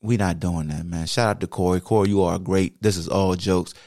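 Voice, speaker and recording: A man's voice: low voice, fairly even intonation, fairly quick, a little mellow, dry recording, studio quality. A man co-hosting a podcast, teasing and boasting in casual trash-talking chat. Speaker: podcast co-host.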